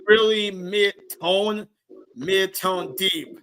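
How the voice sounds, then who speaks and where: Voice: mid-range voice, steady tone, very slow, crowd noise, poor audio. A speaker in casual chat who reacts in bursts of repeated exclamations.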